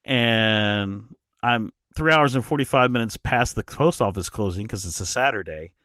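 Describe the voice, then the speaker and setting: A man guest on a podcast, telling a travel story in an animated way, often restarting his sentences. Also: lowish voice, normal speed, no room sound, studio quality. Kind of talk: casual storytelling.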